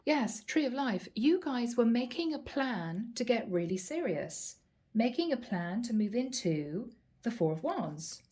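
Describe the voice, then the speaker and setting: Speaking in a slightly high, very animated voice with a dark tone, an Irish tarot reader chats through a channeled reading. She pulls words out long for emphasis.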